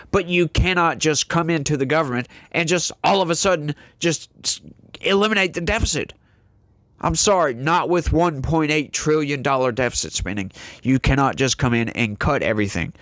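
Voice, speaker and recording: A man's voice: medium pitch, a bit bright, no room sound. A man hosting a solo political commentary show, talking in an exasperated, rambling, emphatic way.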